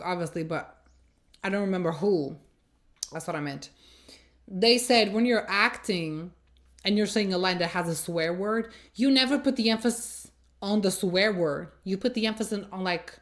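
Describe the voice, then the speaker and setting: A woman's voice: mid-range voice, fairly bright tone. Woman, reaction video host; blunt and exasperated, sarcastic running commentary.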